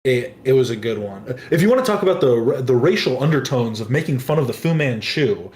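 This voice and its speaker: A man talks through his thoughts on a reaction stream in a hesitant, stop-start way. His voice sits in a middle pitch. The room around him sounds echoey. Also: animated, a little fast, a little mellow. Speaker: guest panelist. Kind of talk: casual reaction chat.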